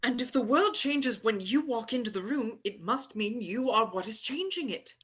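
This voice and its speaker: Cast: woman reading a grandly sure, lecturing woman, lively bright voice, measured delivery. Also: on the high side, husky. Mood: earnest. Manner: measured, declaiming. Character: earnest lecturing woman, grandly self-assured. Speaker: actor in a play reading. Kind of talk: live play reading.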